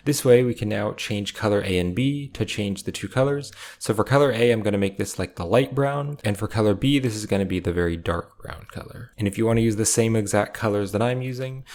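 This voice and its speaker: A man narrating a step-by-step software tutorial in a calm, methodical way, explaining each click as he goes. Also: on the low side, brisk, hardly any pauses.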